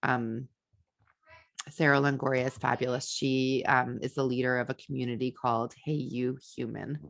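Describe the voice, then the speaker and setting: A woman's voice: a bass voice, normal speed, gravelly. A woman hosting a podcast, giving casual parenting advice with fillers and restarts, acting out venting voices. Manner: animated, acts out venting voices. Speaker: podcast host and ADHD parenting coach.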